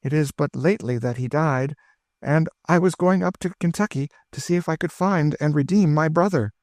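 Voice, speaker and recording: A man's voice: on the high side, normal speed, darkish tone, no room sound, clean studio sound, pitched above the performer's own voice, natural voice. A man voicing a freed woman who eagerly and emotionally asks after her lost brother.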